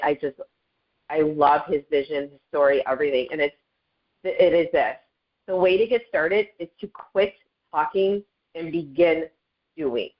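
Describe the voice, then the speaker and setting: Upbeat woman speaking on a lo-fi call. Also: fairly low pitch. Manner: chatty and upbeat, often addresses listeners as "you guys". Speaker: guest speaker on a network marketing call. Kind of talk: motivational testimonial talk. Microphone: video call. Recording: dull lo-fi call audio.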